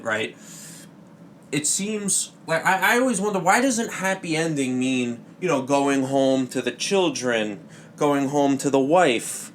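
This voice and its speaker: Male podcast host, slow halting delivery, jokey rambling bits, faint ambience. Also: mid-range voice, a little hiss or hum. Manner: halting, full of fillers and restarts, jokey asides. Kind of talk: rambling comedy podcast monologue.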